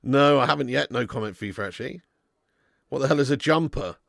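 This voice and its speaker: Laughing man with a gravelly voice. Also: mid-range voice, a little fast, a bit bright, no echo, clean studio sound. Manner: jokey banter, reading out viewer messages, laughing often. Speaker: watch-along stream host. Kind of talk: live football watch-along chat.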